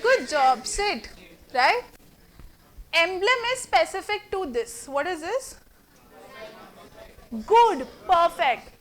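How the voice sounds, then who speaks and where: High, bright Indian woman trainer. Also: slow, pauses often. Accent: Indian English. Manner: energetic, theatrical, quizzes the audience. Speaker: communication trainer. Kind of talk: interactive workshop lecture. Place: classroom with a live student audience.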